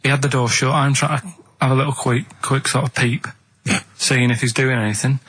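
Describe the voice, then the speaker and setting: Male regular on a radio show, quick, aggrieved grumbler. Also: medium pitch, steady tone, fairly bright tone, husky. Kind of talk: comic radio banter. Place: radio studio.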